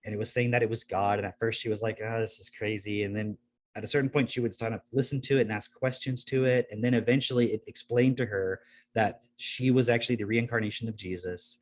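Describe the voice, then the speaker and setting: A man co-hosting a podcast, spinning a story in a loose, casual way. He acts out the voices in it and swears freely, and his voice stays at an ordinary middle pitch. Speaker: podcast co-host.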